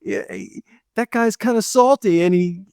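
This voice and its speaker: Blunt, fairly high-voiced dating host. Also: male voice, measured pace, creaky, a little mellow, clear, resonant tone, no echo, studio quality. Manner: blunt, lectures directly, acts out women's lines; laughs between points. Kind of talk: opinionated monologue to camera.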